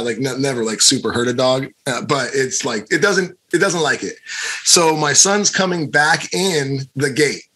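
A man's voice: mid-range voice, bright, forceful tone, slightly rough. A middle-aged man co-hosting a podcast, telling a story casually and animatedly, swearing and using many fillers. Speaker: podcast co-host.

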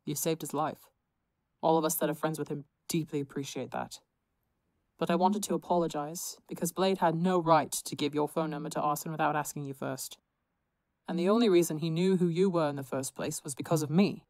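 A woman's voice: low-pitched, steady tone, brisk, a little mellow, no room sound, studio quality. A woman doing a sheepish young supervillain. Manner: apologetic, hesitant.

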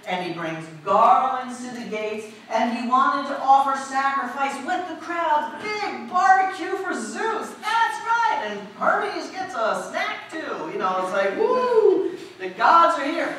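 A woman preacher giving a lively storytelling sermon, asking the congregation questions as she goes. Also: fairly high pitch, unhurried, few pauses. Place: church. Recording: echoey hall, distant mic, faint noise.

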